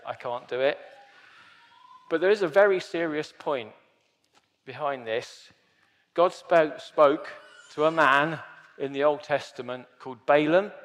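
A man's voice: mid-range voice, long reverb tail. A man in his fifties giving an earnest, emphatic sermon as pastor. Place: church hall.

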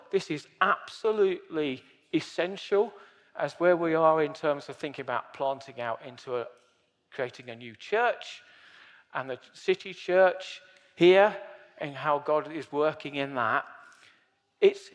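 A man's voice: a little high, big-room sound. A man in his fifties giving an earnest, emphatic sermon as pastor. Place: church hall.

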